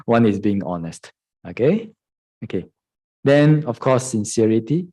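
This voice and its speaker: Monk giving a mellow, chuckling dharma talk. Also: male voice, medium pitch, lively intonation, unhurried, low-quality recording. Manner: chuckles often, acts out students in quoted voices; checks in with "huh?" and "hmm?". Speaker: Buddhist monk and meditation teacher.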